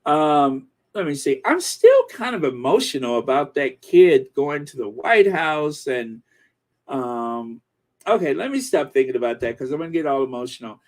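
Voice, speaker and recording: A man's voice: medium pitch, big pitch swings, normal speed. A man hosting a live stream, chatting casually and rambling through viewer comments with many fillers. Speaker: channel host reading viewer comments.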